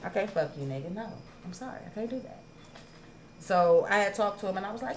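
A woman trades stories on a podcast in loose, profane casual talk. She is animated and throws herself into replaying old arguments, her voice mid-pitched. A faint hiss sits under the recording. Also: quick pace. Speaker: podcast co-host. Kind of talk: casual storytelling chat.

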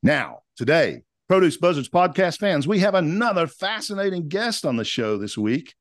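A man's voice: fairly high pitch, sing-song, normal speed, no room sound, clean studio sound. A man hosting a podcast, opening in an upbeat announcer style and then chatting with fillers. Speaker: podcast host. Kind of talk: podcast intro and interview.

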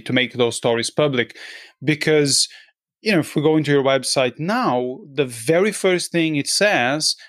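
A man's voice: on the high side, a bit bright, no echo. A man hosting a podcast interview, chatty and joking as he asks questions. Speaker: podcast host. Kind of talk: casual interview.

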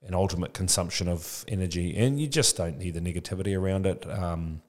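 His voice is low-pitched, brisk and a little mellow: a man in his forties who founded a childcare business, guesting on a podcast. It's a candid, conversational interview, and he comes across as casual, frank and reflective, using "bro" a lot.

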